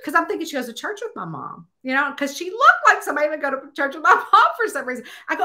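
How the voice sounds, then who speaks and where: A middle-aged woman in casual conversation, her voice bright and pitched a little high. She tells anecdotes with animated, acted-out quotes and many fillers. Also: fast talker, hardly any pauses. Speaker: mystery author, host. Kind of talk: casual chat.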